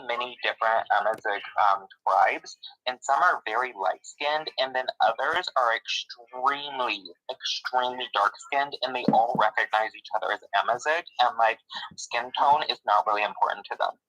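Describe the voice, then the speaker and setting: A man in casual discussion, animated and exasperated, with frequent fillers. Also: mid-range voice, normal speed, poor audio.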